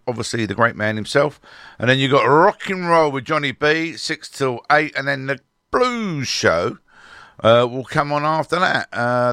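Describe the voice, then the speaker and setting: A man's voice: medium pitch, pushed and bright, no room sound, studio quality. A man presenting on local radio, rambling and jokey with lots of fillers as he runs through the schedule and traffic. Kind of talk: casual radio chat and traffic report.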